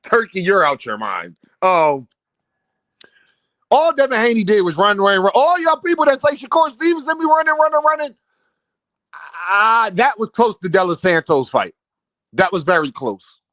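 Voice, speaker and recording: Animated high-voiced man ranting. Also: moderate pace, pauses often, no echo. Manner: animated, trash-talking, laughing often, repeats words. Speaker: boxing commentator. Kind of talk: casual opinion rant.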